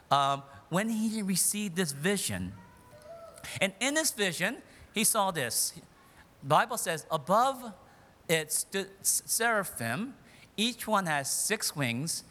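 A man with a high, bright voice preaches a sermon, talking conversationally and often restarting or repeating words. His voice carries the long reverb of a large hall.

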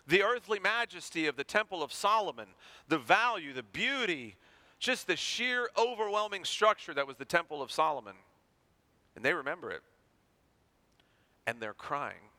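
Bright-voiced male preacher. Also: a little high. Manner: animated, acts out everyday people. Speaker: pastor. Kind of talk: sermon.

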